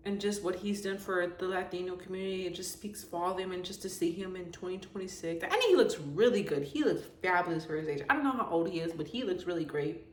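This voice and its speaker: A woman's voice: on the low side, fast talker. A young woman vlogger giving a casual, heartfelt, rambling review with lots of fillers. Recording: echoey room with faint background noise.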